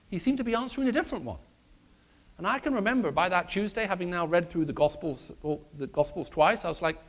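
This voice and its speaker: Lively British man giving a church talk. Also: fairly high pitch. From Middle East. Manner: lively, conversational, asks the audience questions. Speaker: speaker. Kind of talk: apologetics talk.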